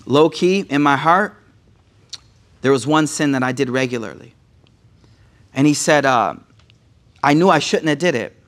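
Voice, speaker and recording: A man preaching, retelling a story with casual slang and Arabic quotes mixed in. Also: mid-range voice. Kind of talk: sermon storytelling.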